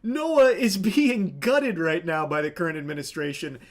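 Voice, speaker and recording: A man's voice: a little high, moderate pace. A man hosting and commenting on a clip, ranting in a sardonic, profane way. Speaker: host.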